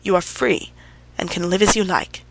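A woman voicing a sick, weary male doctor who speaks in a tired, resigned, measured way. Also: lowish voice, steady tone, vocal fry, noisy background.

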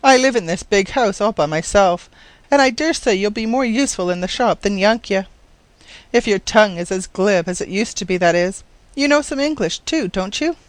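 Brief: reader doing a practical, dry-witted shopkeeper woman in an audiobook, brisk delivery, dry close sound. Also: medium pitch, expressive, no room sound, pitched above the performer's own voice, lightly acted. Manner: dry, hurried. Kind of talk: audiobook reading.

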